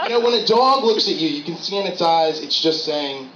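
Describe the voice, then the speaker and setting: A man's voice: fairly high pitch, lively intonation, fairly quick, hardly any pauses. A man doing a rambling, profane stand-up comedy set, often laughing at his own jokes. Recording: roomy, dull, noisy live recording.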